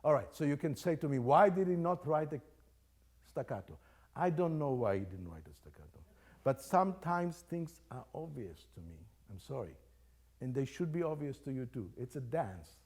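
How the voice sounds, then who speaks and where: An older man with a mid-range, slightly mellow, husky voice leads a music master class, speaking very animatedly at normal speed. He coaches young players in an encouraging, playful way, singing phrases aloud to demonstrate, with chamber music playing faintly behind him.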